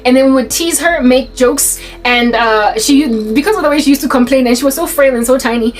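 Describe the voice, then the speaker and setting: A woman tells a school story in a casual vlog, animated and laughing often. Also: high-pitched, brisk, faint music behind, poor audio. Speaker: YouTuber.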